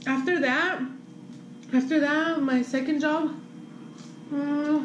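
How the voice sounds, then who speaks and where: High-voiced woman. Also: slow, echoey room, dull audio, slight background noise. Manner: switches between English and Spanish, swears freely; animated retelling with quoted dialogue. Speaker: vlogger. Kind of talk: casual storytime chat.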